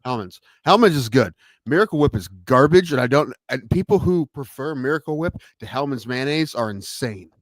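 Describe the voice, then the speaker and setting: A man's voice: mid-range voice, expressive, moderate pace, few pauses, dry recording. Ranting podcast host man. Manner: ranting, swears, many restarts, swings from loud outbursts to mutters. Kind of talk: casual comedy podcast chat.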